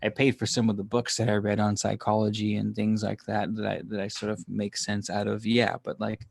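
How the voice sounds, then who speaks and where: Gravelly man chatting loosely with viewers. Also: lowish voice, completely flat delivery, brisk. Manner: rambling, laughs often, swears. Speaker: livestream host reading chat. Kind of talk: casual live chat with viewers.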